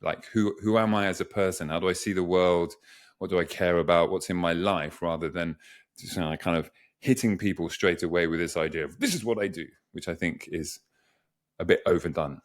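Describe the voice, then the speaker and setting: A man's voice: deep voice, brisk. A man, a communication coach, answering interview questions in a reflective, storytelling way with lots of examples.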